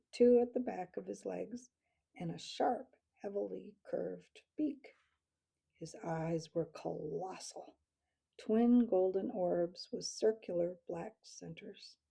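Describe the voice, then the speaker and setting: A woman reads a storybook aloud at an unhurried, measured pace. Her voice is dark and mellow, with a husky, gravelly texture running beneath the narration. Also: medium pitch. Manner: measured, steady reading. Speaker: audiobook reader.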